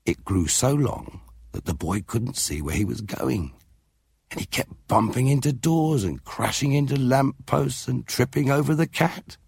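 A man's voice: mid-range voice, animated, measured pace, vocal fry, a little mellow, husky, no room sound, voice pushed up, full character voice. A man reading a storybook, voicing a jolly, overconfident father in a cajoling tone.

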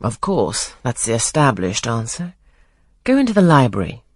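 A stern, imperious gentleman who fires off curt questions and orders as if used to being obeyed, as a reader puts him on in an audiobook. The voice is husky and breathy, set in a dry, close sound. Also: medium pitch, very animated, moderate pace, no room sound. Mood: commanding. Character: stern brusque older gentleman, commanding. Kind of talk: audiobook reading of a classic novel.

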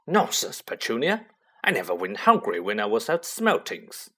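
A man's voice: a little high, big pitch swings, a little slow, bright, forceful tone, slightly rough, voice pushed up, heavily acted. A man voicing a blustering, bullying middle-aged uncle who snarls and roars. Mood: hearty. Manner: roaring, snarling, thundering.

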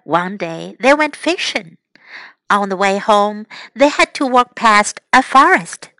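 A woman English teacher reading a story for children slowly and clearly, repeating phrases for learners, close to the mic. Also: medium pitch, lively intonation, bright, forceful tone, no echo, low-quality recording. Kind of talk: bilingual storybook lesson for children.

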